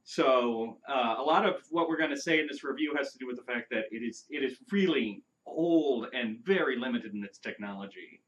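A man talking casually as a podcast co-host, relaxed and chatty. His humor runs dry and sarcastic, and his voice sits at an ordinary middle pitch. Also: moderate pace, few pauses, rough recording. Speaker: podcast co-host reviewing a video game. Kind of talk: casual review chat.

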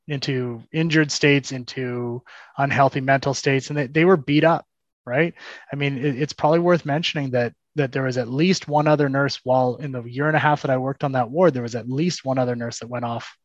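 Man speaking haltingly in a muffled recording. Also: mid-range voice, dry recording. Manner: halting, repeats words, self-deprecating. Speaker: guest. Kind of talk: candid interview storytelling. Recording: dull lo-fi dry sound.

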